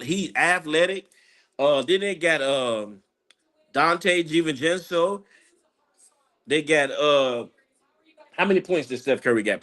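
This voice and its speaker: A man ranting casually about a basketball game as a fan, rambling and excitable, breaking into high laughing outbursts. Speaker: sports fan commentator. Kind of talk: casual live game-watching rant.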